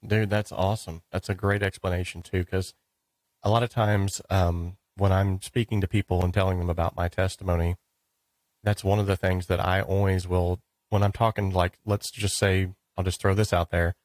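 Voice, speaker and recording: Man, very low voice, dry close sound, casual interview host, animated storyteller. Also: moderate pace, no echo. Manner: animated storyteller, says dude and like often. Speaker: podcast host.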